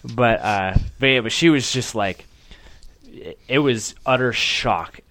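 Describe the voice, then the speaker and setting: A man in casual chat, telling a story and acting out other people's reactions with lively voices. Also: medium pitch, measured pace.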